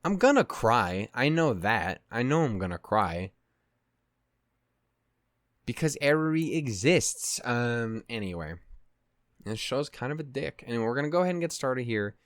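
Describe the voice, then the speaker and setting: A man's voice: mid-range voice, big pitch swings, moderate pace, no echo, clean studio sound. A young man casually rambling and swearing while reacting to an anime at his desk at home. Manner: rambling, profane, laughs often.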